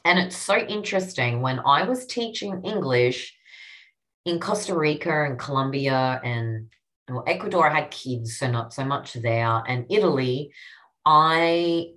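An Australian woman coaching her podcast listeners in a relaxed, chatty teaching style, her voice low for a woman. She speaks at an unhurried pace, yet her pitch swings widely with upbeat, encouraging energy. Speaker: podcast host and copywriting coach. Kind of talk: casual instructional podcast.

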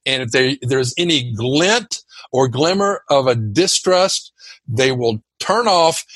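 Energetic male guest coach, husky tone, lively pitch swings, dry close sound. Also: takes it slowly, no echo. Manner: energetic, emphatic, teaching in lists. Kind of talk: animated interview talk.

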